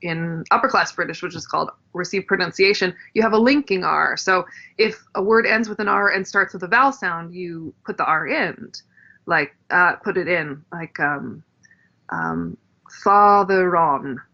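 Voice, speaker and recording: A woman with a bright, crisp voice talks casually as a podcast guest and explains dialect work as a coach. She acts out vowel sounds and laughs easily. The audio is somewhat dull and lo-fi. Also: lowish voice, moderate pace. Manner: animated, demonstrates dialect sounds, laughs often.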